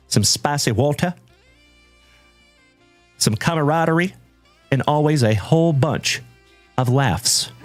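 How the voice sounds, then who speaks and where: A man hosting a live trading-card stream, chatting warmly with viewers and giving shout-outs. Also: mid-range voice, no room sound. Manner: hearty, shout-outs full of "my brother" and "my man". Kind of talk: upbeat livestream chat with viewers.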